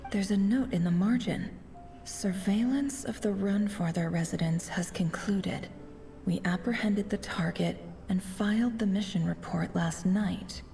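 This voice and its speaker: An actress with a medium-pitched, mellow voice whispers as a curious young woman adventurer searching an office, speaking a little slowly in a hushed, gravelly way. Faint music plays behind this role-play.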